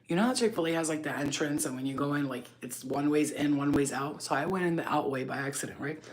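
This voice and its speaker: A woman telling a story on a casual livestream, talking loudly and animatedly, swearing and laughing often. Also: low voice, fast. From New York. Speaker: channel host.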